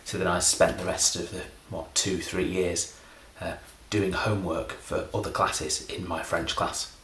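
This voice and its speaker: A middle-aged man from England, a comedy magician, rambling through a deadpan, self-deprecating monologue. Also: low voice, unhurried, echoey room, slight background noise.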